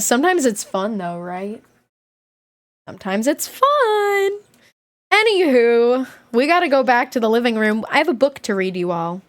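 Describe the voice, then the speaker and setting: A woman streamer with a fairly high voice talks casually to her viewers from a room at home. She is excitable and chatty, and her voice jumps up into loud squealing shouts when something thrills her. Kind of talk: casual live-stream chat.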